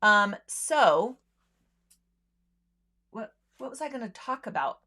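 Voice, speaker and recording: A woman's voice: fairly high pitch, very animated, slow pace, sharp tone. A woman hosting a sewing livestream, chatting casually with viewers, friendly, with lots of ums and easy laughs.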